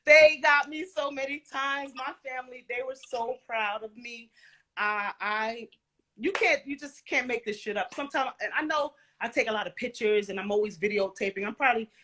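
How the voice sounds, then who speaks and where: A woman with a somewhat high, bright voice tells lively stories in a casual interview. She laughs easily and talks in casual slang, with lots of energy in her delivery. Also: moderate pace, slight background noise. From Caribbean and Central American family background. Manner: animated storytelling, laughs often, casual slang. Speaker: guest, former music video dancer.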